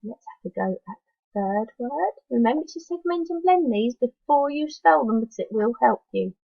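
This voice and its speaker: A woman teacher leading a phonics lesson for young children, slowly sounding out letters one at a time and encouraging them to join in. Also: fairly high pitch, animated, creaky, no room sound, lo-fi sound. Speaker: primary school teacher.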